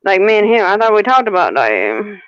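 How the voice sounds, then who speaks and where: A woman's voice: mid-range voice, very animated, fairly quick, smooth, no room sound. A woman who is a tarot reader, chatting in a sassy, playful, teasing way during a live reading. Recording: dull, muffled mic.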